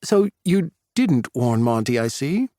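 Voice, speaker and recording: A man's voice: mid-range voice, very animated, unhurried, dark tone, no echo, clean studio sound, voice pushed up. A man voicing a teasing adult man who makes wry quips. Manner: wry, quipping.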